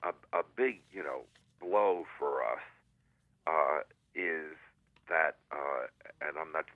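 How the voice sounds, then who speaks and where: Older man with a deep voice on a tinny phone line. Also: no room sound. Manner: rambling, halting, with many fillers and jokes. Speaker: guest columnist. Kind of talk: casual radio chat over the phone. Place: at home in San Diego.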